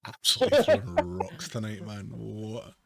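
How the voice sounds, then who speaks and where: A man's voice: on the low side, wildly swooping pitch, moderate pace, vocal fry, crowd noise. A man narrating as game master, describing the scene in a loose, hedging way.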